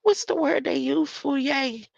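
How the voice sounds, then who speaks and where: A woman's voice: sits high, a little slow, creaky, a little mellow, dry recording, lo-fi sound. An older woman thinking aloud as she reads from her screen, rambling with muttered asides and sudden exclamations. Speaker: solo streamer.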